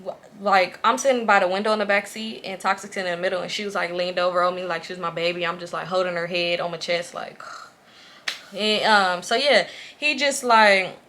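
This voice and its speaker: A woman in her late twenties, a vlogger telling a storytime tale, profane and animated. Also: lowish voice, brisk, slight background noise. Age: late 20s. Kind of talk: casual storytime.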